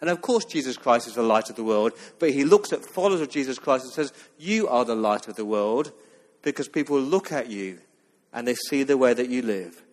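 A man of middle pitch preaches a Sunday sermon with earnest emphasis. He reads scripture aloud and presses his points home. His voice carries a long reverb from the hall. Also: lively intonation, a little fast, darkish tone. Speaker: pastor. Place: church.

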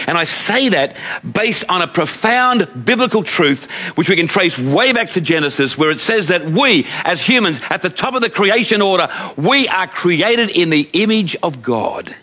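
Bright high-voiced Australian grandfather preaching. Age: older. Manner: chatty storytelling, asks the audience questions. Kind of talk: sermon.

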